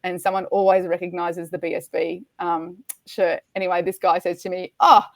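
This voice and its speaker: A middle-aged woman, a podcast guest, telling a race story in a lively, animated way and acting out the quotes. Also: on the low side, moderate pace, no echo. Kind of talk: storytelling in casual chat.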